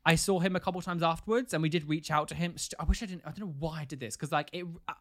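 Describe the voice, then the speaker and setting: A young man chats at a rapid clip, his voice sitting a little above the usual male range. He tells his story with animation, leaping up in pitch whenever he acts out what someone said. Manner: animated, acts out quotes with big pitch jumps. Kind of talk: casual chat, storytelling.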